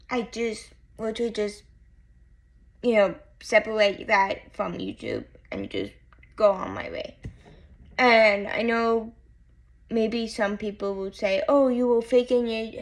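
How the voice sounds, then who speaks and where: Woman, vlogger, tearful, halting, slow delivery, fry in the voice. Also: fairly high pitch. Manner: halting, emotional, repeats herself. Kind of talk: casual chat to camera.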